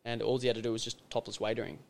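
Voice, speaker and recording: A man's voice: mid-range voice, little pitch movement, racing, creaky. A young man, a podcast guest chatting casually and telling stories in a loose, rambling way. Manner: rambling, loose storytelling with many fillers. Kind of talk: casual conversation.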